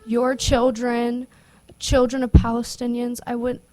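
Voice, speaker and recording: A young woman speaks at a public hearing, nervous and emotional, stopping and restarting often. Her voice is soft and mellow and stays close to one note. She talks slowly. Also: fairly high pitch, monotone, poor audio. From United States. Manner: halting, emotional, many restarts and fillers. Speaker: public witness.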